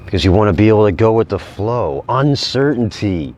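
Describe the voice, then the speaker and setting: A man reading inspirational quotes aloud and commenting on them casually, repeating key phrases slowly for emphasis. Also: on the low side, dark tone, slight background noise. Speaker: vlogger.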